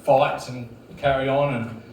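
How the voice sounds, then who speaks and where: A man in his fifties with an Australian accent, doing a crude, deadpan stand-up routine. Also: medium pitch, a little slow. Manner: blokey, crude, deadpan delivery. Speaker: stand-up comedian. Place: comedy club stage with live audience. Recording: roomy club sound from a distance.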